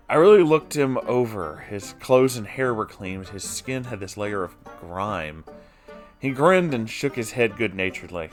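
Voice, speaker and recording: A man's voice: on the low side, expressive, normal speed, soft background music. A man reading a first-person story aloud, breaking in with wry, swearing side comments. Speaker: story reader.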